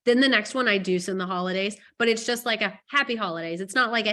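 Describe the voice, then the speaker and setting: A woman real estate coach giving a casual training presentation, chatty and joking as she rushes through her points. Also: mid-range voice, sharp tone.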